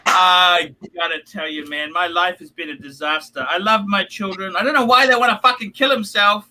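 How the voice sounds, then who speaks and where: A man's voice: sits high, steady tone, moderate pace, bright, forceful tone, slight background noise, low-quality recording. A middle-aged man hosting a livestream while drunk, rambling, swearing and getting emotional. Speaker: livestream host.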